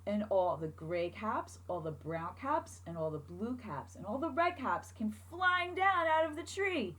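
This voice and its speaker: A woman teacher reading a picture book aloud to children, expressive and asking them questions along the way. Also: medium pitch, measured pace, low-quality recording.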